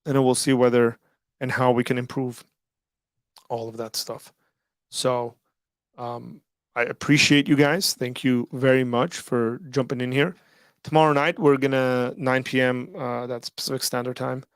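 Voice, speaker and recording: Gravelly-voiced man hosting a call-in stream. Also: medium pitch, little pitch movement, normal speed, dry recording, clean studio sound. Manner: rambling, filler-heavy, frequent "like" and "right?". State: losing his voice after hours of streaming. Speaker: host of a live call-in stream. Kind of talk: casual livestream talk.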